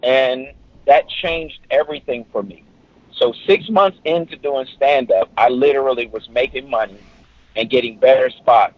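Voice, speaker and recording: A man's voice: mid-range voice, moderate pace, no echo, muffled recording. A middle-aged man, a comedian guest on a podcast, telling a story with energy and acting out other people's voices.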